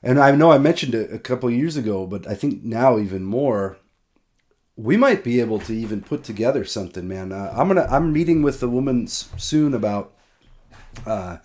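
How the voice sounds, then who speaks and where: A man's voice: mid-range voice, animated, normal speed, darkish tone. Laid-back rambling male podcast host. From United States. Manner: loose, rambling storytelling with frequent laughter. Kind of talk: casual conversation.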